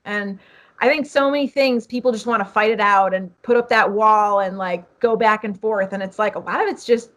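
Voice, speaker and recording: A woman talking as a podcast guest, earnest and open, rambling through her points with plenty of fillers. Her voice sits at an ordinary middle pitch for a woman. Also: normal speed, fairly bright tone. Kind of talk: casual chat.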